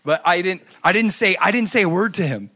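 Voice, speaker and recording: Animated male preacher, lively pitch. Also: fairly quick, husky. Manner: animated storytelling, swinging from loud to hushed. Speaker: pastor. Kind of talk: sermon.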